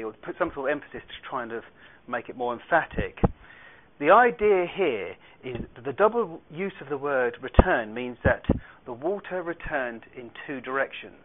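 Male Bible teacher, mid-pitched, explanatory reading style; thin phone-like recording. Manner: explanatory, reads scripture aloud, light asides. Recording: tinny phone-like radio sound.

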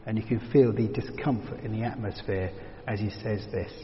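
A man teaching verse by verse through a Bible passage, reflective and explanatory, often dropping to a hushed tone for emphasis. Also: lowish voice, normal speed, a little hiss or hum. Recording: dull reverberant hall sound.

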